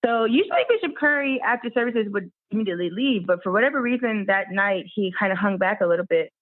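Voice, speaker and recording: A woman guest musician telling a story in an interview, animated and acting out the people she quotes. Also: medium pitch, quick pace. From Miami. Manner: animated, acts out quoted voices. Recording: tinny phone-like line.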